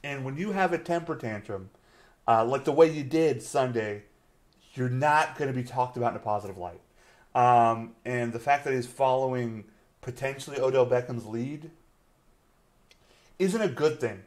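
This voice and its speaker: A man's voice: mid-range voice, moderate pace, darkish tone. Chatty man riffing on sports. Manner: rambling, teasing, laughs often, trails off with fillers. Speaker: sports show co-host. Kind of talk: casual live-stream sports banter. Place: lives in Austin, Texas.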